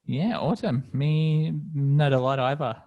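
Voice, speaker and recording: A man with an Australian accent, co-hosting a podcast in easygoing, halting casual chat. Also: medium pitch, steady tone, darkish tone, muffled recording. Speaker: podcast co-host.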